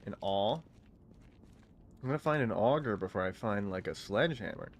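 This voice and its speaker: A man's voice: fairly low pitch, expressive, normal speed, slight background noise. Joking young man playing a game. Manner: joking, rambling, laughs often. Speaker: gaming streamer. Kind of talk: casual gaming commentary.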